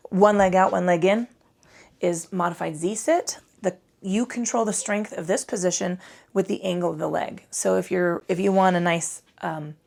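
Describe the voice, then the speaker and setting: A woman guides a relaxed yoga class into a microphone, her voice low and gravelly. She talks loosely and swears freely, drifting into asides. She sounds tired from a short night. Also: normal speed. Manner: chatty, profane, rambling asides. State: tired from little sleep. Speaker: yoga instructor.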